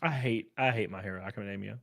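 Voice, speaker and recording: A man in his thirties hosting a livestream, ranting loudly and profanely in casual chat, laughing between rants. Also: on the low side, fast, creaky. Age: 30s. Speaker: livestream host.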